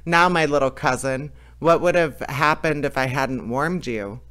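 A man reading as a fearless young hero from an old fairy tale, cheerful and cocky, never rattled by anything. The voice is smooth and clear, at an ordinary middle pitch. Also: measured pace, bright, forceful tone. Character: bold fearless young man who cannot shudder. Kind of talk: storybook reading.

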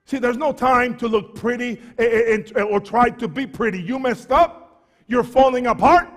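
A man preaching a fervent sermon as pastor, swinging from quiet talk to shouts and stumbling over repeated words. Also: very high-pitched, moderate pace, long reverb tail.

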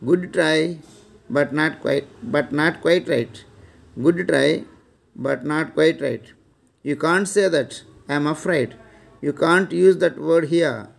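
A middle-aged man with an Indian English accent, reading out classroom phrases one by one, slowly and deliberately, often repeating them. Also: a little high, vocal fry. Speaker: English teacher.

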